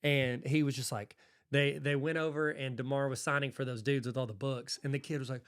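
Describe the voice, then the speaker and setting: Fast-talking man telling stories. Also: mid-range voice, clear, resonant tone. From Arkansas. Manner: animated, acts out quoted exchanges. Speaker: podcast host. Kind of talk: casual storytelling.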